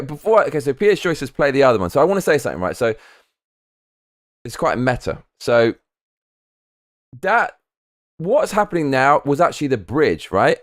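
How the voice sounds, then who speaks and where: A man livestreaming as he builds a music track, talking casually and rambling through his ideas while swearing freely. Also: mid-range voice.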